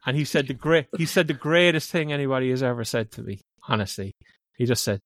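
A man's voice: medium pitch, normal speed, no echo. Cork guy on a podcast mic, dry close sound, rambling story full of like you know. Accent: Cork Irish. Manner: animated anecdote with lots of filler "like, you know". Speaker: podcast co-host. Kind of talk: casual storytelling chat.

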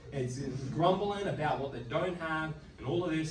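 Animated male preacher in an echoey hall. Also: fairly high pitch, a little fast, hardly any pauses, slight background noise. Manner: animated, joking, acts out voices of the people in the story. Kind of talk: sermon. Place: church hall. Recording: echoey room, distant mic, music behind.

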